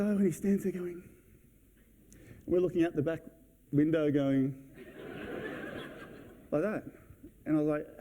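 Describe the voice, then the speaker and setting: A man's voice: on the high side, moderate pace, pauses often, dark tone, slight background noise. A man giving a casual, anecdotal talk as a speaker at a real estate event, acting out scenes as he tells a story. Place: event hall on stage.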